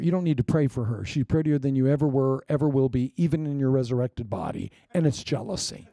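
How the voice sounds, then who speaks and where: A middle-aged man preaching a sermon as pastor, joking, with loud declarations and quiet asides. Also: mid-range voice, fairly quick, vocal fry, hardly any pauses, dry recording, studio quality. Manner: lively, joking, swings between loud proclamations and quiet asides.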